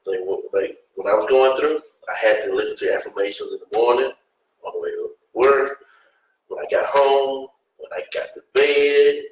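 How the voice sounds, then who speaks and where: A man's voice: medium pitch, normal speed, a little hiss or hum. A man on a discussion panel who offers advice in a plain-spoken way. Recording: echoey room, far from the mic.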